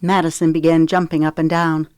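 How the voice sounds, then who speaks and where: A woman narrating an audiobook in a steady, even storytelling voice. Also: low voice, brisk, clear, resonant tone, no room sound, clean studio sound.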